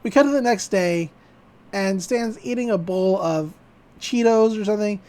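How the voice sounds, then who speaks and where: A podcast host casually recapping a cartoon episode, telling it in an animated way and laughing often. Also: medium pitch, normal speed.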